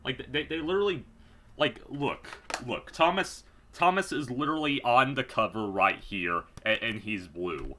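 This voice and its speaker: A man's voice: mid-range voice, expressive, moderate pace, bright, forceful tone, slight background noise. A man reviewing and playing a children's DVD game, talking casually with heavy sarcasm and lots of fillers. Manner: sarcastic, mock-puzzled, many fillers. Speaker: YouTube reviewer. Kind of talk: casual gameplay commentary.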